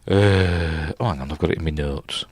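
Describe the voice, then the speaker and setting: A man's voice: extremely low pitch, moderate pace, husky, no room sound. A middle-aged man with a Yorkshire accent, rambling through a casual film commentary, correcting himself and chuckling between fillers. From Yorkshire, England. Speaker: film reviewer, host.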